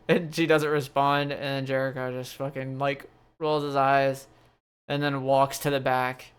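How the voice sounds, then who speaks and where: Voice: medium pitch, little pitch movement, a little slow, clear, resonant tone. A game master narrating a tabletop game in a casual, rambling way with many fillers.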